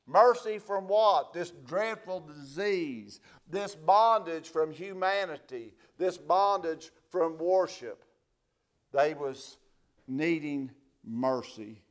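Male pastor, slow measured sermon delivery, slightly high voice, swells to loud emphasis. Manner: slow, swells from quiet reading to loud preaching.

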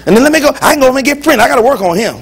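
A man preaching a lively, humorous sermon as pastor in a church, with call-and-response. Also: very high-pitched, racing, breathy edge. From United States.

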